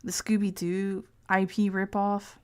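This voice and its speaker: A woman's voice: medium pitch, flat delivery, a little slow, clear, resonant tone. A woman streamer reading text aloud in casual live-stream commentary, breaking off into crude, joking asides and frequent laughs. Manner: laughs often.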